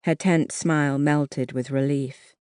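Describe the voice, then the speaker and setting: Audiobook narrator, slow pace, measured reading, dry close sound. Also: mid-range voice, steady tone, a little mellow, clean tone, no room sound.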